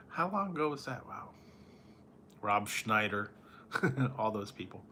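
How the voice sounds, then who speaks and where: Late at night, a weary food reviewer chats casually with his livestream viewers, rambling and chuckling often in a slow, drawn-out way. His voice is lowish and sharp with a sing-song lilt. A faint hiss or hum sits in the background.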